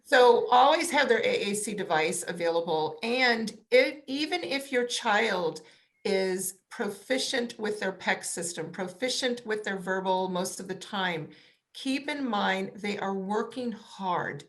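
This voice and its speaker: A woman's voice: mid-range voice, expressive, unhurried. A woman communication coach on a panel, giving advice emphatically and repeating key words for stress.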